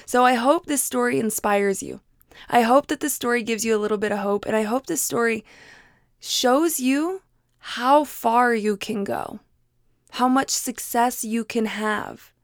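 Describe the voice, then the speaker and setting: A woman hosts a motivational podcast, speaking earnestly and with encouragement. She repeats phrases for emphasis in a fairly high voice. The recording is close and dry. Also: measured pace, dry recording. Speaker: podcast host.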